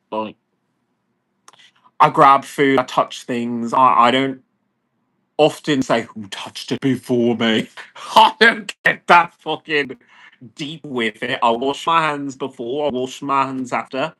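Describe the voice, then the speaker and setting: Brief: man, mid-pitched, ranting vlog monologue, profane and agitated, rambling delivery. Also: pushed and bright. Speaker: vlogger.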